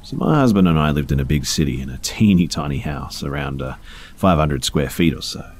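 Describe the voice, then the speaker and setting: A man's voice: extremely low pitch, brisk, a little mellow, slight background noise. A man reading first-person stories aloud in a conversational way, with small fillers along the way. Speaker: storyteller.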